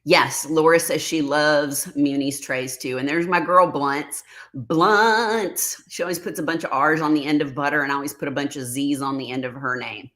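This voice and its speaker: A woman's voice: sits low, steady tone, fairly quick, few pauses, a bit bright. A middle-aged woman hosting a casual livestream, reading out viewer comments and talking openly, getting emotional at times. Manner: emotional, sarcastic, reads out chat comments. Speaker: livestream host.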